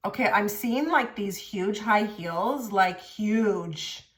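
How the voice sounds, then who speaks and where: A woman's voice: mid-range voice, lively intonation, slow pace, a bit bright. A woman giving a casual tarot reading to camera, direct and blunt, with many filler likes. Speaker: tarot reader. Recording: echoey room.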